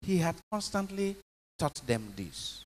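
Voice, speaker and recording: A priest with a rather high, sing-song voice preaches an emphatic homily at a measured pace, asking his congregation questions. Long reverb from the chapel fills the recording.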